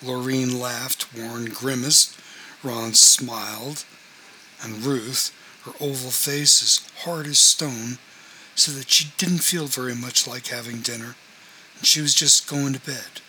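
A man reading a novel aloud in a measured, even narrating voice. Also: mid-range voice, a little hiss or hum, low-quality recording. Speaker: audiobook narrator.

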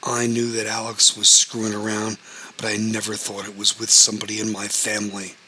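A man's voice: lowish voice, monotone, fairly quick, bright, forceful tone, a little hiss or hum, poor audio. A man voicing a betrayed wife who confronts her cousin with bitter, accusing questions that keep getting sharper. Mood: furious.

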